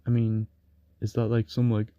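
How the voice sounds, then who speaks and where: A man's voice: lowish voice, completely flat delivery, moderate pace, warm tone, smooth, no echo, dull audio. A man rambling in a casual late-night stream monologue, full of fillers and restarts. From United States.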